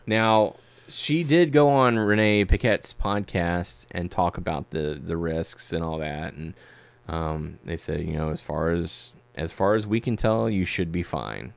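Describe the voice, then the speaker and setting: A man's voice: deep voice, measured pace, creaky, dry recording. A man co-hosting a podcast, chatting casually with lots of fillers and sometimes reading news aloud. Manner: relaxed, filler-heavy, reads articles aloud. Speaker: podcast co-host. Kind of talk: casual chat about wrestling news.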